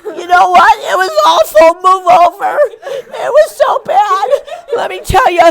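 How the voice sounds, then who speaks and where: Brief: woman plays a loud, judgmental know-it-all, high and half-laughing, for a training skit. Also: sing-song, unhurried, exaggerated voice. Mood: melodramatic. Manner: loud, laughing through exaggerated tragic stories. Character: pushy oversharing woman lecturing a tired mom. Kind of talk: comic role-play demonstration.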